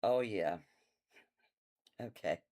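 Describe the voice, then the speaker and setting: A middle-aged woman with a bass voice runs a relaxed, unhurried live sale from her quilt shop. She chats warmly with viewers, laughs easily, and reads out item numbers while displaying fabric in this casual live-stream sales talk.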